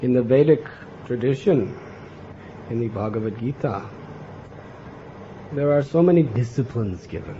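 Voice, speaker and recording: A man's voice: mid-range voice, expressive, normal speed, long pauses, warm tone, a little hiss or hum. A man giving a devotional lecture, earnest and often turning to the audience with a questioning "huh?". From America. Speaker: spiritual teacher giving a lecture. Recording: dull lo-fi lecture recording with faint ambience.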